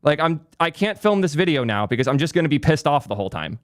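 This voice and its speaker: A man's voice: on the high side, big pitch swings, quick pace, no room sound. Irritated man ranting into a close, dry mic. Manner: annoyed, swearing, ranting at chat. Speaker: tech streamer. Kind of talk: frustrated live commentary.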